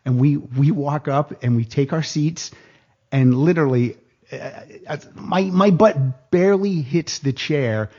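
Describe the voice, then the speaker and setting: Husky middle-aged man telling a story. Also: on the high side, unhurried. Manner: animated, acts out other people's lines in a raised voice. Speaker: podcast guest telling a story. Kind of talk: casual storytelling chat. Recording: dull lo-fi podcast audio.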